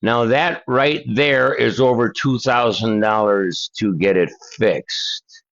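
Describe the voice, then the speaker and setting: A man's voice: medium pitch, takes it slowly, gravelly, a bit bright, dull audio. An older man hosting a paranormal channel, reading letters aloud with chatty asides to his viewers. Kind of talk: casual reading of letters and articles.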